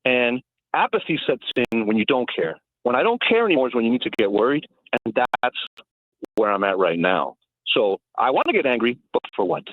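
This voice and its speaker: A man's voice: medium pitch, big pitch swings, brisk, no echo. A man calling in to a sports radio show, telling a reflective story in a conversational way. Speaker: caller. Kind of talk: radio call-in. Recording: phone line.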